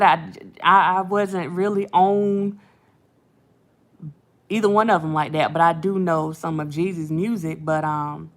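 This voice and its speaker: A woman, hosting casual late-night commentary, chatty and laughing often while she retells things. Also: medium pitch. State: has a headache. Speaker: channel host.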